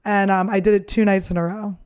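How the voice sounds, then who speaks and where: A woman comedian hosts her own podcast in a loose, casual chat. She rambles through candid stories, swearing freely and piling up filler words as she goes. Her voice sits at an ordinary, mid-range pitch. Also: level tone, fairly quick, a little mellow, clear, resonant tone. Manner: rambling, candid, profane storytelling. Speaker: podcast host and stand-up comedian.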